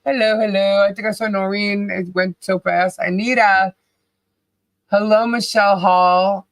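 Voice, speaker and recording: Unhurried cheerful livestream co-host. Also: mid-range voice, steady tone, a bit bright, dry recording. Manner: cheerful, laughs often, calls out names. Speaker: podcast co-host. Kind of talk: casual livestream chat, greeting viewers.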